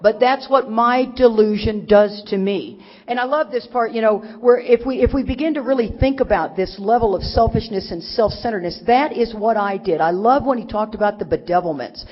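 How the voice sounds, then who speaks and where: A middle-aged woman from Texas giving an animated, folksy recovery talk to a crowd, teasing her listeners. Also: on the high side, brisk. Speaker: recovery speaker. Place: large conference hall. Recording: dull recording with long hall reverb.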